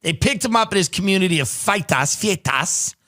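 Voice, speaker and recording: Man, podcast host, sardonic comedic riffing, high pitch, sharp tone. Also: animated, quick pace. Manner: sardonic, reads news articles aloud and riffs on them. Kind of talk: comedic commentary.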